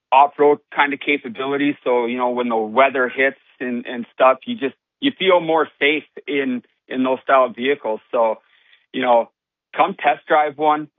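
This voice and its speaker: A man's voice: medium pitch, no echo. A man who sells cars, chatting on a radio show in an easygoing, folksy way with small restarts. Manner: easygoing, folksy, repeats himself. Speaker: car salesman. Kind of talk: casual radio chat. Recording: tinny phone-like line.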